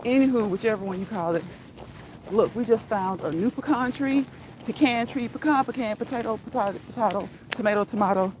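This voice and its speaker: A woman's voice: mid-range voice, darkish tone, slight background noise. A woman who grew up in the northern United States, chatting casually while walking outdoors, laughing often and playfully repeating words. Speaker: vlogger. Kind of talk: casual walk-and-talk vlog. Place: outdoors on a rural walk.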